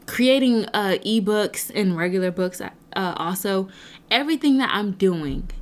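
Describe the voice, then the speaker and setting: Earnest woman doing a faith pep talk to camera, kinda high voice, preachy with lots of questions. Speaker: motivational speaker and nonprofit founder.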